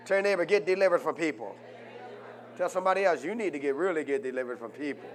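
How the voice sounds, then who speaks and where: A man pastor preaching a sermon and drawing answers from the congregation, swinging from quiet asides to loud, fervent peaks. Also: fairly high pitch, animated, quick pace, a faint crowd. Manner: rises to loud preaching, asks congregation "what?". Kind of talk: call-and-response sermon.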